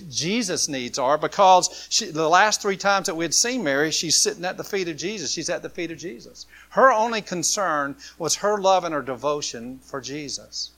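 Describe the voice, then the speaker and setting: Bright-voiced male preacher. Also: on the high side, lively intonation, normal speed, few pauses. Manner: impassioned preaching, swinging between loud and hushed. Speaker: pastor. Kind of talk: sermon.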